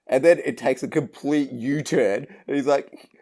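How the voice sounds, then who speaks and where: A man co-hosting a podcast, chatting casually about a movie, retelling scenes with animated laughter. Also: medium pitch, normal speed. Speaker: podcast co-host. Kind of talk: casual movie review chat.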